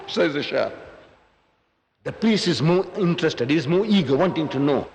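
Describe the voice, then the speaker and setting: A man's voice: a little high, moderate pace, a little hiss or hum. A man giving a public lecture, telling a story and acting out its voices. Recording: echoey hall.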